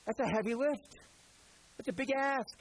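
A preacher with a high, husky voice delivers a relaxed, conversational sermon. He talks straight to the congregation and tosses in quick asides. He slips into little acted voices when he quotes people. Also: low-quality recording. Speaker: pastor.

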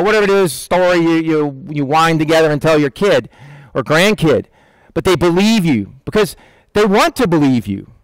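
An older man preaching as pastor, in an animated, conversational style with many asides. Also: on the high side, clear, resonant tone, no echo, low-quality recording. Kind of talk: sermon.

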